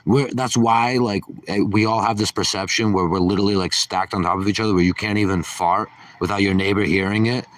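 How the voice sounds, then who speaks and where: A man's voice: on the low side, fairly even intonation, a little fast, few pauses, no echo, distant mic. A man hosting a casual livestream, ranting sarcastically and swearing as he rambles. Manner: sarcastic, profane rambling rant. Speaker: livestream host.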